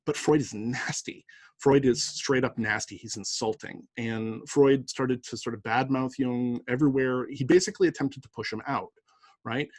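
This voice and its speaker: A man's voice: medium pitch, no echo. A man giving a university lecture in a conversational way, often adding "right?" and filler sounds.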